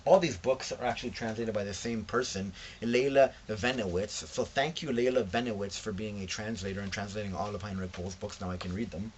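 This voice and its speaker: A man's voice: lowish voice, brisk, few pauses, a little hiss or hum. A young man casually chatting in a vlog about books he found, telling the story with slangy asides and acting out what his friends said. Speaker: book vlogger.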